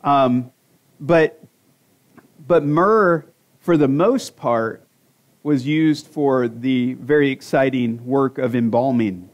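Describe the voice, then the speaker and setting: A man's voice: mid-range voice, takes it slowly, lo-fi sound. A man in his forties preaching a conversational sermon as a pastor, with self-deprecating jokes and rhetorical questions to the congregation. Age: 40s. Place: church sanctuary.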